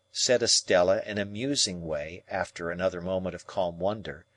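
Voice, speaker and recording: A man reading a classic novel aloud as an audiobook narrator, steady and unhurried. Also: low voice, dry recording.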